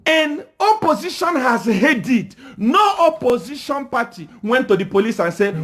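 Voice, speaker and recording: A Zambian man ranting on a livestream, who scolds his listeners, fires off rhetorical questions and keeps saying "Eh?", and sometimes shouts. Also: very high-pitched, big pitch swings, moderate pace, hardly any pauses, faint music behind. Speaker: political commentator. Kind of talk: livestream rant.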